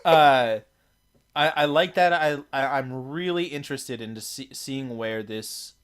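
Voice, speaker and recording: A man's voice: medium pitch, takes it slowly, a bit bright, smooth. A man co-hosting a casual chat, talking in a rambling way with many fillers and restarts. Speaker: podcast co-host. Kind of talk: casual chat about video games.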